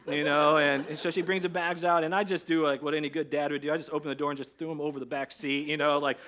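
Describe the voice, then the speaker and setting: A middle-aged man as pastor, preaching a conversational sermon and telling a personal story with animated restarts. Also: a little high.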